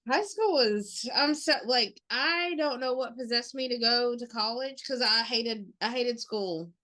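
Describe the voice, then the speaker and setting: Gal cohost, bright sharp voice, sassy and expressive. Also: female voice, on the high side, measured pace. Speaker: podcast co-host. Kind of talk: casual chat.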